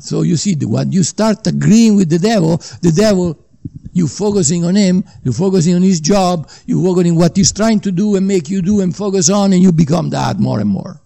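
High, gravelly-voiced male preacher. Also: a little fast, dark tone. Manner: rambling and repetitive, often checking in with "okay?" and "you know". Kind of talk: Bible teaching sermon.

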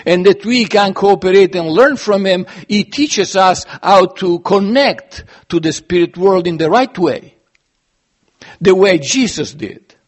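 In a high-pitched, expressive voice at a measured pace, a man delivers an earnest, emphatic sermon. He stresses his points with abrupt rises and falls in loudness.

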